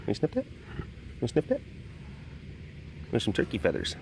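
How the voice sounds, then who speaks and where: A man vlogging outdoors by animal enclosures, telling stories with a laugh and then talking softly to calm a big cat. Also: fairly low pitch, normal speed, creaky, noisy background. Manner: rambling, laughing storyteller who shifts to hushed coaxing talk with a big cat. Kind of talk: casual vlog chat.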